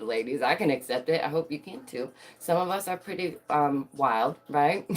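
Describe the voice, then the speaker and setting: A woman chatting casually to her viewers in a bubbly, giggly, playful way, acting out quotes in dramatic little voices. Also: deep voice. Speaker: vlogger.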